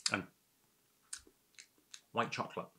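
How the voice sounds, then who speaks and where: A man's voice: slow pace, pushed and bright. A man hosting a whisky tasting, chatting in a rambling, self-amused way as he sips and talks to the camera. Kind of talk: casual tasting monologue.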